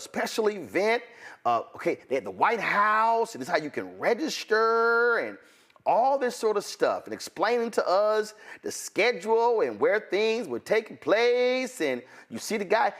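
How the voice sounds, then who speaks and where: A male talk show host doing a commentary monologue, telling a story with asides to his audience. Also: a little high.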